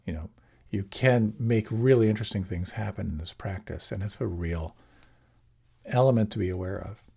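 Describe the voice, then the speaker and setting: A middle-aged man gives a dharma talk in a low voice with a gravelly edge. He speaks gently and without hurry. He often circles back and restarts a phrase. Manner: gentle, unhurried, with many restarts. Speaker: meditation teacher.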